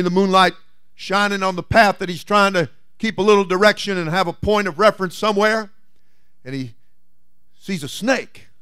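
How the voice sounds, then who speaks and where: A man preaches with folksy drama, his voice rising high and dropping to hushed asides. The tone sits fairly high and the sound is close and dry. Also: clear, resonant tone, no echo. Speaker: pastor. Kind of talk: sermon with storytelling.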